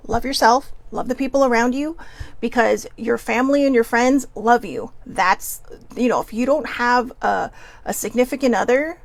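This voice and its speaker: Woman host of a live card reading; giggly, off-topic, profane, gravelly. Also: a little high, normal speed, dry recording. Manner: giggly, chatty, swears freely, goes off topic.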